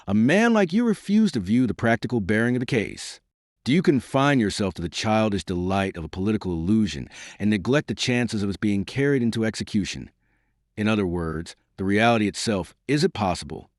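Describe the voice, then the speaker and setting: A man's voice: fairly low pitch, lively intonation, a little fast, no echo, clean studio sound, natural voice. A man voicing a shaken royal superintendent who speaks in urgent, alarmed protest. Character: agitated male royal superintendent, middle-aged, shaken.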